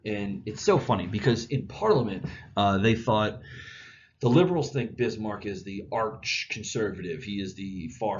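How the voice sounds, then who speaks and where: A man's voice: lowish voice, dull audio, a little hiss or hum. A male history teacher giving a casual, chatty classroom lecture. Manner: casual, chatty, animated storytelling.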